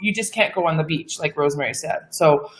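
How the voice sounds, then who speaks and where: A woman co-hosting a casual live-stream chat, speaking softly and quietly. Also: deep voice, fast talker, echoey room, a little hiss or hum. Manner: soft, quiet talking. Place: home in Mexico.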